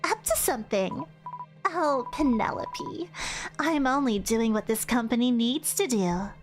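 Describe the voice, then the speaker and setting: Casting: woman doing a smug, high-voiced corporate villainess, sweetly menacing. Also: measured pace, soft background music, lightly acted. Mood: condescending. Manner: smug, purring yandere-style menace. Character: scheming female corporate boss villain. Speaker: streamer voicing game characters.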